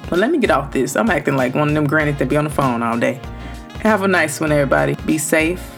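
Loud, emphatic woman podcaster, low voice. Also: lively intonation, fast talker, soft background music. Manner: loud, emphatic and direct, speaking straight to listeners. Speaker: podcast host. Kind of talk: motivational podcast talk.

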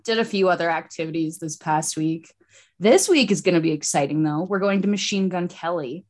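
A young adult woman co-hosting a podcast, chatting casually and telling stories with an animated, laughing manner. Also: on the low side, fairly quick. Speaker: podcast co-host. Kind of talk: casual chat.

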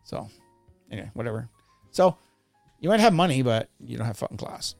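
A man's voice: medium pitch, sing-song, a little fast, creaky, darkish tone, no echo, faint music behind. A man hosting a podcast, telling a profane, rambling story in casual chat. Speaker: podcast host. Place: studio.

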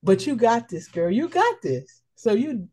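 A middle-aged woman with a husky, slightly breathy voice. Her pitch swings widely as she talks, motherly and full of feeling. She speaks as a guest in a casual podcast chat. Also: sing-song, a little slow. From Prince George's County, Maryland. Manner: warm motherly praise, emotional. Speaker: guest, local official.

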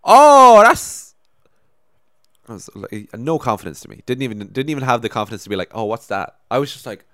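A man's voice: fairly low pitch, fast, no echo, clean studio sound. A young man from Ireland telling stories on a casual podcast, swearing freely and acting out his own past reactions. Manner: animated storytelling, swears a lot, voices his past self. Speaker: podcast co-host.

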